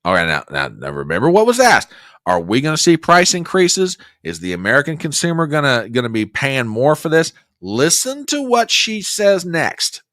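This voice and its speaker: A male host of a political commentary show who talks in an exclamatory, mocking way, swinging his pitch wildly up and down. His voice is bright and forceful. The sound is dry and close. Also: wildly swooping pitch, normal speed, no echo.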